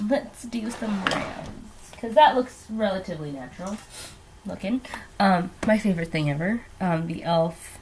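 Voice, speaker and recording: A woman's voice: medium pitch, slight background noise. A young woman chatting casually while doing her makeup at home, rambling and hesitant with lots of ums and trailing asides. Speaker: beauty vlogger. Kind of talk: casual get-ready-with-me chat.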